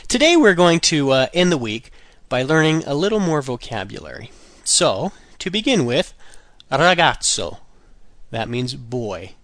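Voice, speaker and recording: A man hosting a casual podcast lesson, saying each word and its meaning, then repeating it slowly, with jokey asides. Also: mid-range voice, a bit bright, no room sound. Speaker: language podcast host.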